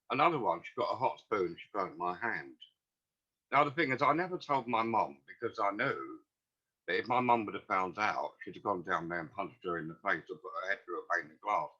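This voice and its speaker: A man's voice: deep voice, sharp tone, breathy edge. A man, recalling the past as a guest in a rambling, earnest way. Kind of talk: casual storytelling. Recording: dull lo-fi audio.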